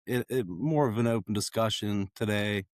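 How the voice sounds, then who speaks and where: A man losing his voice, talking in a raspy, hoarse way with many fillers and restarts in a casual conversation. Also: on the low side, moderate pace, a little mellow, no echo, studio quality. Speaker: guest.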